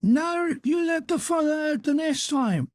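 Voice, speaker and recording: A man voicing a drunken, brutal father who bullies and shouts in an audiobook story. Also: high voice, expressive, brisk, pitched above the performer's own voice. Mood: furious. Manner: bullying, shouting. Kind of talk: audiobook character voice.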